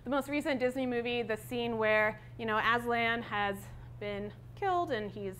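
A woman's voice: fairly high pitch, normal speed, a bit bright, slight background noise. A woman in her thirties giving a conference talk on stage, candid and conversational with many fillers. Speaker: conference speaker.

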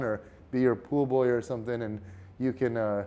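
A man who is a fitness entrepreneur, a guest on a podcast interview, telling stories in a lively way and often restarting his words. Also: mid-range voice, fairly quick, dull audio. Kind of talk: casual interview storytelling.

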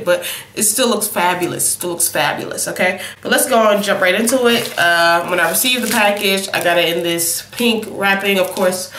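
A woman's voice: on the low side, a bit bright, roomy sound, a little hiss or hum. A young woman in a casual, sassy makeup review, sniffly from a cold and calling her viewers honey and y'all. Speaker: beauty vlogger.

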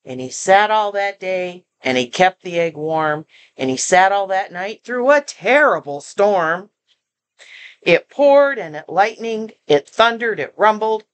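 Slow, lively grandmotherly storybook reader. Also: medium pitch, clear, resonant tone. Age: older. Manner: expressive, stops to comment and ask the listener questions. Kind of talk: reading a children's picture book aloud.

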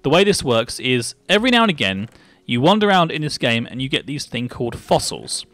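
A man's voice: mid-range voice, big pitch swings, brisk, fairly bright tone, dry recording. A man hosting a casual Minecraft gameplay chat, explaining things step by step with lots of fillers. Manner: chatty, laughing, explains step by step. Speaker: host.

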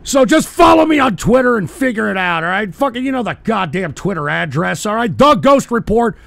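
Gravelly, high-pitched man ranting loudly. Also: sing-song, a little fast, no room sound. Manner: shouting, profane, exasperated. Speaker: radio show host. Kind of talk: angry on-air rant.

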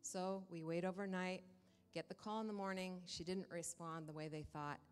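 A woman stands before a church congregation and tells a personal story, her voice fairly low in pitch. She is lively, acting out the lines of the people in the story. The sound carries the long reverb of a big sanctuary. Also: normal speed, smooth. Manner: lively storytelling that acts out quoted dialogue. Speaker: church member giving a testimony.

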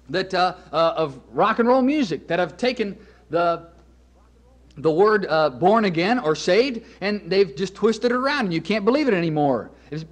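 A man preaching a sermon as an evangelist, emphatic, repeating key phrases slowly for weight. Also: high voice.

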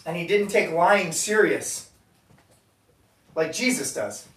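A man's voice: sits high, animated, takes it slowly, fairly bright tone. A man giving an emphatic, conversational sermon to a gathering in a meeting room. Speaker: preacher. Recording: echoey room, voice from far off.

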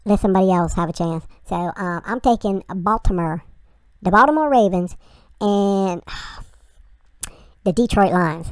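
A woman's voice: medium pitch, a little slow, long pauses, no room sound. A woman hosting a reaction video, chatting bluntly and rambling through asides. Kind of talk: casual reaction commentary.

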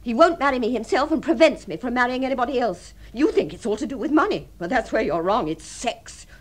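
Brief: high, very animated refined, lonely fantasist in a radio play, breathy and giddy. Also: female voice, a little fast. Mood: dreamy, coy. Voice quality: refined, swings between breathy tenderness and giddy excitement. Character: deluded lonely upper-class spinster dreaming of marriage. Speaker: the Princess. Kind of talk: radio drama acting.

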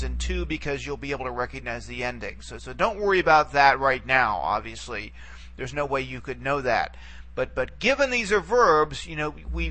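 Bright-voiced man teaching, full of "okay?"s. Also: fairly high pitch. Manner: patient, repeats words and checks in with frequent "okay?". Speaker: Greek language teacher. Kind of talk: recorded video lecture.

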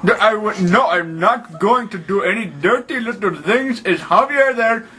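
A man's voice: sits high, lively intonation, normal speed, noisy background. Indignant man making a prank call. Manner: indignant, demanding, mock-serious. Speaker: prank caller.

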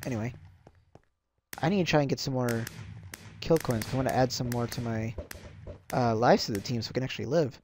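A man giving rambling live commentary over his own gameplay, reacting loudly and quickly with mild exclamations. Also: mid-range voice, a little hiss or hum. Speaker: gaming channel host.

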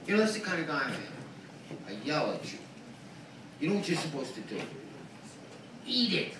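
Rambling comic ranting in an echoey club. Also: male voice, a little high, very animated, normal speed, long pauses. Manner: rambling, swings from mumbling to ranting. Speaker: stand-up comedian. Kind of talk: open-mic stand-up set. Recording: echoey club from far off, noisy.

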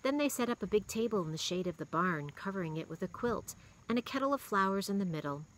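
Bright-toned woman reading a storybook. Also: mid-range voice, expressive, fast talker, low-quality recording. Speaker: reader. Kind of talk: reading a children's novel aloud.

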